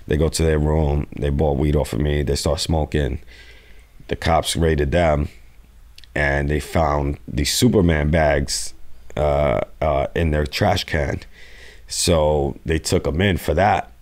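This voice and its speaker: A young man from New York City telling stories as a podcast guest, profane and animated, acting out quotes. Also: a bass voice, slow pace. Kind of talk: casual storytelling interview.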